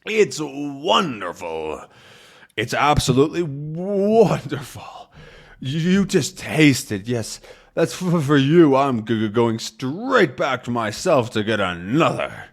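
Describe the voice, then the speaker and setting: A man's voice: mid-range voice, very animated, unhurried, few pauses, a bit bright, full character voice. A man doing a blustering old sea captain. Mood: boisterous. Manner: boisterous, exclaiming. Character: blustering hearty middle-aged male sea captain.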